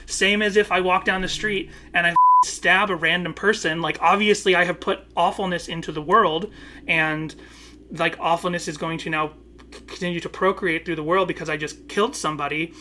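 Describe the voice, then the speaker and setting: A man's voice: sits high, fairly even intonation, a little fast, sharp tone, a little hiss or hum. A man co-hosting a podcast, talking with passion and swearing freely in a long casual monologue. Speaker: podcast co-host.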